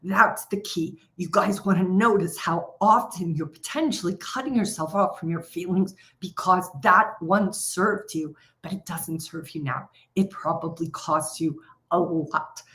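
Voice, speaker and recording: A woman's voice: lowish voice, measured pace, fairly bright tone. A middle-aged woman leading a live coaching session, speaking directly to viewers and stretching out key phrases for emphasis. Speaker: trading coach.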